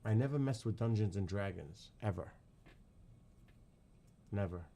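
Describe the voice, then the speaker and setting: Casual streamer guy, fairly low voice, swears a lot, loose chatty storytelling. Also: lively intonation, measured pace, gravelly, mellow, a little hiss or hum. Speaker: livestream host. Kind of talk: casual livestream chat.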